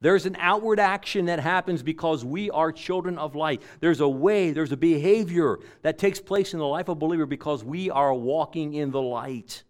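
A man preaching a sermon, repeating key phrases and swinging between loud emphatic lines and quiet, trailing endings. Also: on the high side, moderate pace, hardly any pauses.

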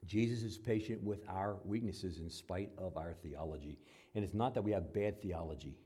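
Guy preaching a sermon, warm mellow voice, gets loud then drops low and chatty. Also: normal speed, husky. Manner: swings between loud emphatic preaching and quiet conversational asides; acts out quoted voices. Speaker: pastor.

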